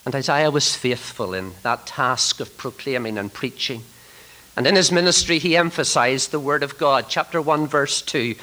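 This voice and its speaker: A man preaching a sermon to trainee ministers, swinging from loud emphatic declarations to hushed, near-whispered lines. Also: medium pitch, normal speed, low-quality recording.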